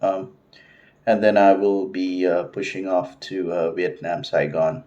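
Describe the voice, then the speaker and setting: Middle-aged guy with a really low voice, rambling vlog chat full of ums, kinda muffled lo-fi sound. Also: steady tone, unhurried, dark tone. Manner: rambling, many fillers and restarts. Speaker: vlogger. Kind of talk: casual talk to camera.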